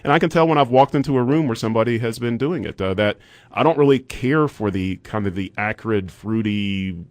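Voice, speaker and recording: Dry-sounding male radio host, halting. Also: medium pitch, animated, no echo. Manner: conversational, halting restarts, sarcastic asides. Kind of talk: casual radio interview. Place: radio studio.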